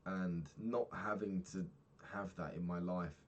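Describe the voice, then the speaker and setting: A man's voice: deep voice, fairly even intonation, a little slow, lo-fi sound, background noise. A young man in his twenties talking frankly in a rambling daily vlog, swearing casually and filling gaps with ums. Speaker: vlogger.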